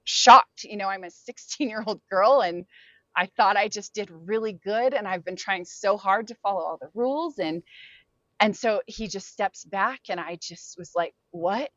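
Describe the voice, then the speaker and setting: A woman's voice: mid-range voice, moderate pace, no room sound, lo-fi sound. A woman, a podcast guest, telling a personal story in casual conversation, filling her sentences with "like" and "um". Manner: casual, frequent "like" and "um" fillers.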